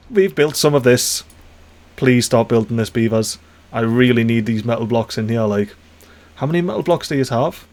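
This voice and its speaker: A man giving casual gameplay commentary, excitable and chatty, talking to the game's characters and swearing mildly in dialect slang. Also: a little high. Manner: excitable, talks to the game characters. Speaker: let's play host.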